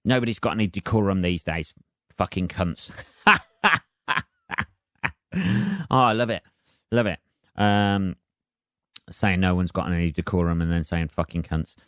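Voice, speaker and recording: A man's voice: low voice, moderate pace, clear, resonant tone, dry recording, studio quality. A man hosting a solo podcast, rambling and self-mocking with lots of swearing. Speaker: podcast host.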